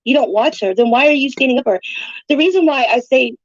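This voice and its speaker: A woman's voice: high-pitched, fast, dry recording. A woman livestreaming, talking in a brash, profane and mocking way. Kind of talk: casual livestream rant. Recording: dull lo-fi stream audio.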